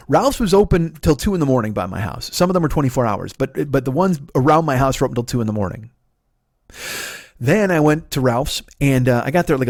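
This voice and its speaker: A comedian in his 40s tells a long, profane story that escalates into a rant, shouting out the quotes as he retells it. His voice is on the high side, captured in studio quality with no echo.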